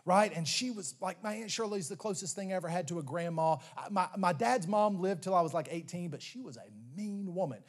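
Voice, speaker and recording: A man preaching a sermon as pastor, animated, swinging between loud emphatic lines and low slow ones, with stammered restarts.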